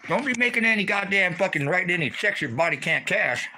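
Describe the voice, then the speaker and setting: A man's voice: sits high, lively intonation, fast, pushed and bright, slight background noise. A man ranting angrily on a livestream, taunting and cursing at viewers in a combative, profane way, partly outdoors on his farm and speaking into a phone camera. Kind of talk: angry livestream rant at chat.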